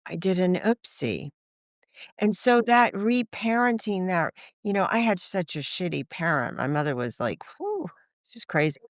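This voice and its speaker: An older woman speaking as a podcast guest, frank and animated, swearing casually and acting out the voices in her stories. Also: mid-range voice, normal speed, no room sound, clean studio sound. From United States. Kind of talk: candid conversational interview.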